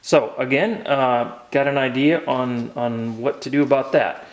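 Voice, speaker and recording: A man's voice: medium pitch, steady tone, unhurried, rough recording. Easygoing man with frequent ums. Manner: hesitant, many ums and uhs. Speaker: hobby channel host. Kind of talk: casual how-to narration.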